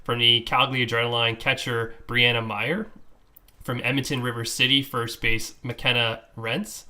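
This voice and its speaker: A man's voice: medium pitch, steady tone, moderate pace, bright, forceful tone. A man co-hosting a podcast in casual chat, easygoing, reading out lists with the odd stumble. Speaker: podcast co-host.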